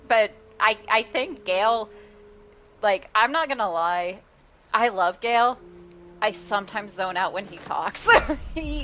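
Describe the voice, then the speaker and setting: A woman's voice: medium pitch, a bit bright, a little hiss or hum. A woman game streamer chatting casually and rambling, laughing often and swearing freely. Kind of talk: casual live-stream chat.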